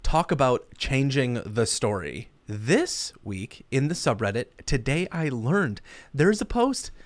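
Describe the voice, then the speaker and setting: Animated joking male podcast co-host. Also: medium pitch, takes it slowly, dry recording. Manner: joking, animated, crude humor. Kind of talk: casual chat.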